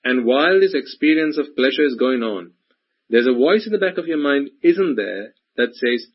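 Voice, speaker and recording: Husky man giving a dharma talk. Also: mid-range voice, lively intonation, moderate pace. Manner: repetitive, full of rhetorical questions. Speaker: Buddhist teacher. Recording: dull lo-fi recording.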